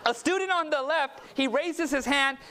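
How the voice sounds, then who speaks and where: A man's voice: extremely high pitch, normal speed, pushed and bright, a little hiss or hum. A male preacher telling a personal story in a sermon, chatty and anecdotal, often checking in with "okay?". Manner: anecdotal, conversational, with frequent "okay?" asides.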